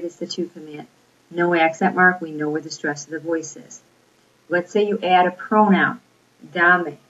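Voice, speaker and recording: A woman with a fairly low voice leads a grammar lesson, patient and explanatory, checking in with her listeners as she goes. The recording is dull and lo-fi. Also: a bit bright. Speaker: Spanish teacher. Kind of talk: recorded classroom lecture.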